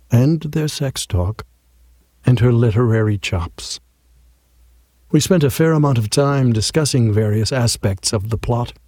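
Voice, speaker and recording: A man narrating an audiobook in a wry, measured way, close to a studio mic. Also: mid-range voice, dark tone, no echo.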